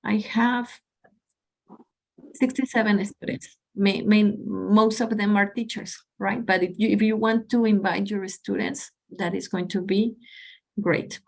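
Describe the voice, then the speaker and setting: A woman's voice: mid-range voice, steady tone, measured pace, vocal fry. Brief: woman from Mexico, guest teacher on a video call, effusive and encouraging. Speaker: pronunciation teacher and guest speaker. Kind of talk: online presentation and chat.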